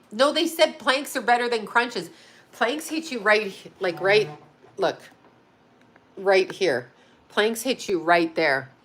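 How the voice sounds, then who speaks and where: Woman, middle-aged, bright crisp tone, rambling chatty host, home live stream. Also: mid-range voice. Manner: rambling, chatty, laughs often. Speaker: psychic astrologer hosting a live stream. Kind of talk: casual live-stream chat. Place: her home. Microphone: home video call setup.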